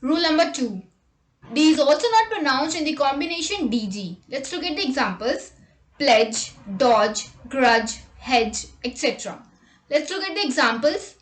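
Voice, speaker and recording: A woman reading a scripted English vocabulary lesson, saying example words and sentences slowly and deliberately. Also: sits high, sing-song, reverberant. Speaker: English teacher.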